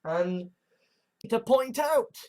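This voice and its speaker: A man's voice: very high-pitched, lively intonation, drawn-out words, mellow, low-quality recording. A man ranting in a sarcastic, exasperated way, swearing often and repeating a mocking phrase in escalating outbursts. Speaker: online commentator. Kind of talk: ranting commentary compilation.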